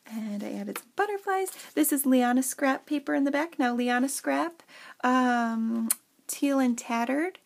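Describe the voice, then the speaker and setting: A young adult woman with a fairly high, slightly mellow voice and some vocal fry casually shows off her craft journal. She reads its fairy story aloud with dramatic flair, adding chatty asides between passages.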